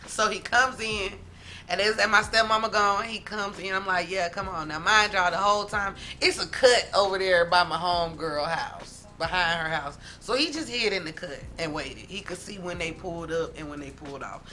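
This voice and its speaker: A woman vlogger telling a story from her teens in a casual, animated way, talking straight to her viewers. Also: fairly low pitch, moderate pace, slight background noise. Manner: animated, dramatic, talks straight to viewers as "y'all".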